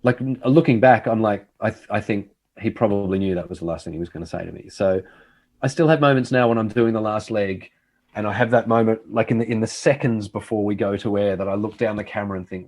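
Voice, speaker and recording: A man's voice: on the low side, fast, darkish tone. A middle-aged man, a TV host, telling a reflective story in casual conversation.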